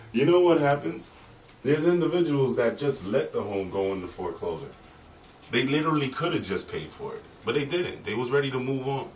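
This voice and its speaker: A man's voice: medium pitch, very animated, brisk, a little mellow, distant mic. A man talks in a loose, profane, streetwise ramble straight to his own camera. He sits well back from the mic, and his voice rings in a roomy space. A faint hum of ambience runs underneath. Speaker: vlogger. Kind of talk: rambling vlog monologue.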